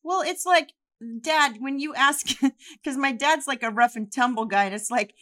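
A woman's voice: sits high, normal speed, fairly bright tone. A woman with a slightly raised voice chats candidly, rambling through stories with frequent restarts and casual swearing. Her tone is loose and conversational. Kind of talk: casual chat.

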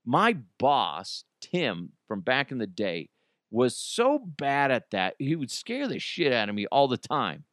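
A man's voice: mid-range voice, wildly swooping pitch, slow pace, a bit bright, no room sound, clean studio sound. A man hosting his own podcast in a casual solo style, reading news items aloud and joking about them. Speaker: podcast host.

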